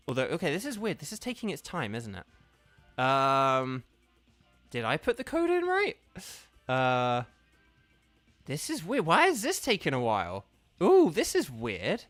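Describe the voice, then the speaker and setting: A man's voice: medium pitch, pushed and bright, dry recording. A man streaming a game live, patiently explaining steps to his viewers in a casual, chatty way full of fillers.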